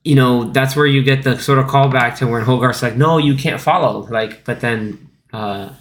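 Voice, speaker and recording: A man in his thirties hosts a casual podcast at a moderate pace, his medium-pitched voice level in tone. He's chatty and loose with plenty of fillers, slipping into put-on voices to act out quotes from the film.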